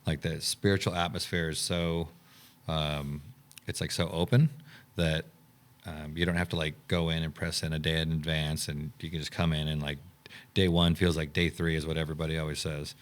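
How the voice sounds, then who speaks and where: A man's voice: a bass voice, level tone, normal speed. A man who owns and directs a camp, telling his story in a podcast interview and acting out the dialogue he quotes.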